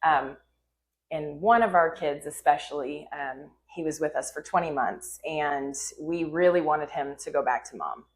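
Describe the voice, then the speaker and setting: A woman with a notably low voice talks as a guest foster mother, measured and earnest. She weighs her words carefully, pausing with soft fillers as she explains how she handles loss. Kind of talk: casual interview conversation.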